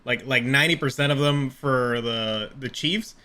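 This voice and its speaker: A man's voice: medium pitch, moderate pace, bright, forceful tone. A man co-hosting a casual sports podcast, joking and teasing while he makes his picks. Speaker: podcast co-host.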